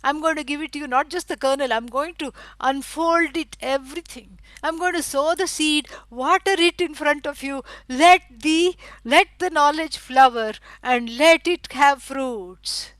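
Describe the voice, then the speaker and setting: A middle-aged woman teaching a scripture lecture. She explains at length, fills pauses with "you know" and stresses words for emphasis. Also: high-pitched, fairly bright tone, dry recording, rough recording. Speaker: Vedanta teacher.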